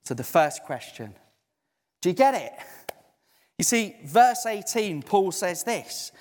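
A man preaching a conversational sermon in a church hall, lively and emphatic. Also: high-pitched, takes it slowly. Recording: echoey hall.

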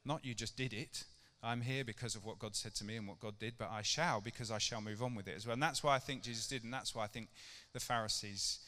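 A man's voice: on the low side, fast, hardly any pauses, sharp tone. A middle-aged man preaching a casual sermon to his church, chatty and conversational, with rhetorical questions to the congregation. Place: church hall. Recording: long reverb of a church hall.

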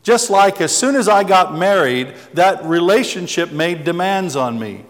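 A man's voice: high voice, lively intonation, a little slow. A male pastor giving a chatty, humorous sermon, telling stories about himself with frequent restarts. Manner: chatty, self-deprecating storyteller with many restarts. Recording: long hall reverb.

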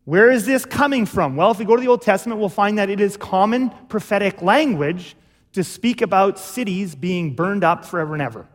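A man's voice: high voice, a little fast, in a large hall. A male pastor preaching a sermon, explaining step by step and often checking in with "okay?". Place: church.

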